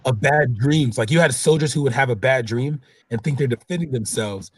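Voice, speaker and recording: A man's voice: medium pitch, fairly quick, slightly rough, no room sound. A man hosting a casual debate, hedging with "like" and asking pointed questions. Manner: hedging, uses like a lot, asks pointed questions.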